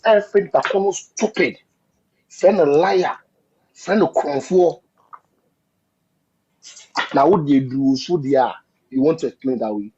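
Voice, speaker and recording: A man's voice: a little high, measured pace, long pauses, dark tone, slight background noise. A man with a Ghanaian accent, commenting on politics in an emphatic, repetitive way and slipping into Twi phrases. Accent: Ghanaian English. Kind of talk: heated political discussion. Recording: dull lo-fi audio.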